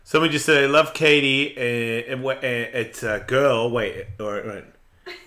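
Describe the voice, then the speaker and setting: A man in his forties hosting a radio show, talking in a casual, blunt, profane and animated way. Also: mid-range voice, moderate pace. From Australia. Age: 40s. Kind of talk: casual chat.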